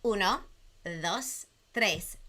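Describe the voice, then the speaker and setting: A woman's voice: mid-range voice, expressive, drawn-out words, bright, forceful tone. A woman hosting a live bilingual children's show, bubbly, counting along and mixing in Spanish words. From Southern California. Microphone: video call.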